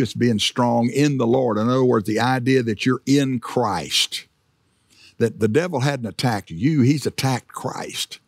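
A man's voice: on the low side, no echo, studio quality. A middle-aged male pastor giving a sermon in a church, in a conversational preaching style with frequent fillers and restarts.

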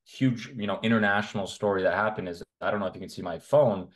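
A man's voice: on the low side, quick pace. A man from Canada, a men's health coach, talking as a guest in a casual interview in a blunt, opinionated way. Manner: blunt, opinionated, talks in long runs.

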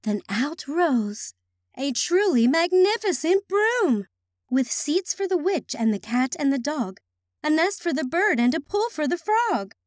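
A woman reading a children's picture book aloud in a high, lively, sing-song voice. Her pitch rises and falls expressively, recorded close and dry. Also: measured pace, dry recording. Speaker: children's story reader.

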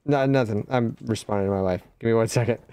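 A man in his forties hosting a game stream, easygoing and quick to laugh. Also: mid-range voice, dark tone, clean tone, no room sound. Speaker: streamer host. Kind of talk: casual gaming chat.

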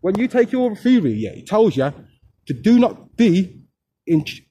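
A man's voice: high-pitched, sing-song, unhurried, dark tone, a little hiss or hum. A man filming his own confrontational street vlog as a fathers' rights activist, firing off taunting questions. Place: outdoors on a street.

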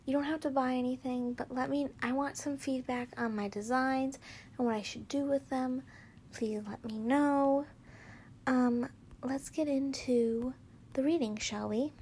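A woman casually reading fanfiction aloud, halting as she goes, with frequent restarts and self-corrections. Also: high-pitched, steady tone, a little mellow, a little hiss or hum. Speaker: fanfiction reader.

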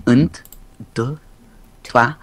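A woman's voice: very deep voice, fairly even intonation, very slow. A teenage girl chatting casually and giggling while playing a game. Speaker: gamer. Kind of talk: casual gaming chat.

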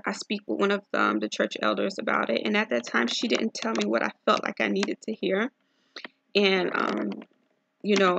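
A young woman telling a personal religious testimony, earnest and halting, often repeating herself. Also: mid-range voice, vocal fry, a bit bright, no room sound, muffled recording. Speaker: testimony speaker.

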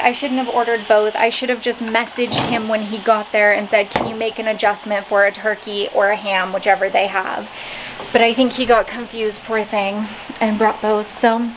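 A woman talking straight to her camera at home, rambling in a chatty way and often making fun of herself. Her voice sits at a middle pitch for a woman. A steady hiss of background noise runs under the home recording. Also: normal speed. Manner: chatty, self-deprecating, laughs often. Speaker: vlogger. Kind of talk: casual vlog chat.

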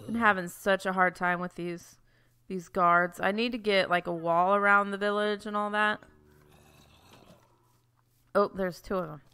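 A woman's voice: mid-range voice, fairly even intonation, a little slow, pauses often, pushed and bright, clean tone. A woman hosting a let's-play, chatting casually through her gameplay, easily flustered and full of exclamations and restarts.

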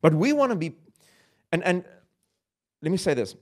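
A man's voice: high-pitched, sing-song, normal speed, darkish tone. A male pastor preaching a sermon, talking in a conversational way, asking the audience questions and laughing at himself. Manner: conversational, with self-mocking laughs.

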